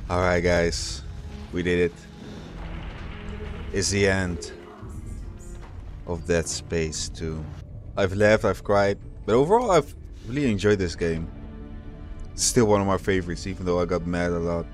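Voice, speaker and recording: A man's voice: deep voice, a little slow, pauses often. A man commentating his video game playthrough, swearing often and getting frustrated as he fights. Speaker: gaming YouTuber. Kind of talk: let's play commentary. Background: video game music.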